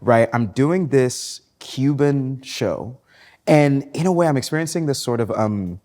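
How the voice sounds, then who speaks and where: A man's voice: mid-range voice, animated, warm tone. Thoughtful young man being interviewed. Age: young adult. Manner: thoughtful, measured, reflective. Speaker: guest, actor. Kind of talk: casual interview chat.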